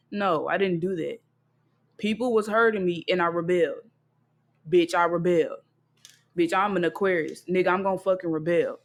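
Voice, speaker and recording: A young adult talking alone into a single mic, venting in a blunt, heavily profane rant. The delivery keeps circling back to emphatic, repeated refusals. Voice sits at a middling pitch. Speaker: podcast host venting. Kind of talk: casual solo venting monologue.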